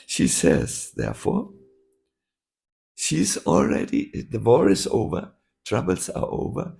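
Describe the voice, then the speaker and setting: A man, a monk, telling a story while teaching a scripture class, halting with many fillers and restarts. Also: medium pitch, huge pitch swings, creaky, a little mellow.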